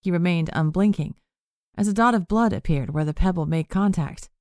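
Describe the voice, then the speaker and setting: A woman narrating a cozy mystery audiobook in a steady storytelling voice. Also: lowish voice, moderate pace, no echo, studio quality. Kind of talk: scripted narration.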